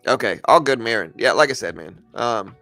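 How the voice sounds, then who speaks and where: Man, livestream host, casual market talk, bright forceful voice, animated pitch, argues with viewers, restarts often. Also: moderate pace, dry recording, faint music behind. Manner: argumentative, talks straight back to viewers; repeats himself, stumbles and restarts. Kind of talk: casual livestream market commentary answering chat.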